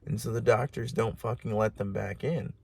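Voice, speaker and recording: A man's voice: on the low side, steady tone, normal speed, gravelly, a little mellow, slightly rough, dry recording. A man hosting a podcast alone, rambling in a casual monologue with heavy swearing, lots of "like" and restarts. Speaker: podcast host.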